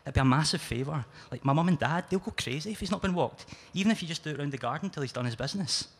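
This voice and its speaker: A man's voice: fairly high pitch, expressive, very fast, breathy edge, pitched above the performer's own voice. A man putting on a pregnant young woman's voice, raised and coaxing. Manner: coaxing, mock-pleading.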